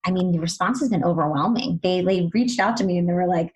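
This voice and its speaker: A woman speech-language pathologist co-hosting a podcast, chatting quickly and animatedly with lots of "you know"s. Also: fairly low pitch, darkish tone, rough recording. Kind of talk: casual podcast chat.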